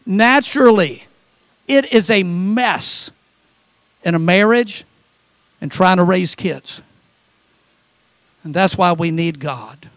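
Male pastor, middle-aged, high voice, dry close mic; lively sermon delivery with acted quotes. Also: no echo. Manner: animated preaching with quoted voices and humor.

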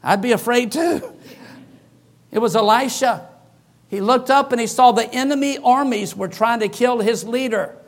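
A pastor with a high voice preaches to his congregation. He tells his stories in an animated way and acts out the voices of the people in them. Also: moderate pace. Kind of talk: sermon storytelling.

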